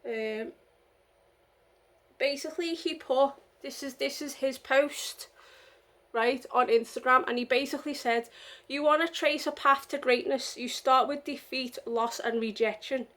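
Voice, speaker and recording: A woman's voice: sits high, steady tone, a little slow, a bit bright. A young woman from the UK talking in a casual vlog, rambling and indignant as she tells her story. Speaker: vlogger.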